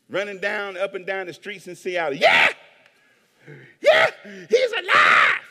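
A man preaching a sermon as pastor, animated, acting out voices and swinging between hushed asides and shouts. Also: fairly high pitch. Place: church hall with long reverb. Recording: reverberant hall.

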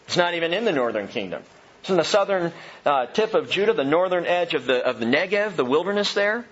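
A man's voice: a little high, sing-song, fairly quick, fairly bright tone, husky, highs cut off. A man preaching a sermon, earnest and emphatic, asking his listeners question after question. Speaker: pastor.

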